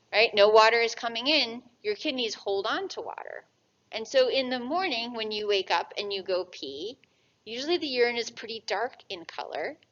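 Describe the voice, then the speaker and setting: Woman lecturing a class, lo-fi sound. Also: fairly high pitch. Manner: lively, asks the class questions and answers them, tag questions. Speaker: anatomy lecturer.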